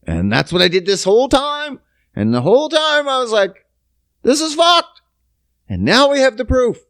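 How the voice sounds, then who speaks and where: A man's voice: extremely high pitch, sing-song, normal speed, fairly bright tone, no echo, studio quality. A young man from Canada hosting his own podcast, ranting in a profane, sarcastic way. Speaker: podcast host. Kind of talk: casual solo podcast rant.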